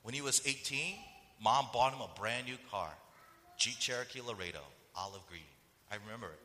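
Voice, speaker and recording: A man's voice: medium pitch, a little fast, long reverb tail, background noise. A man preaching a conversational sermon as pastor, telling stories and acting out the voices of the people in them. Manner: animated storytelling that acts out quoted voices.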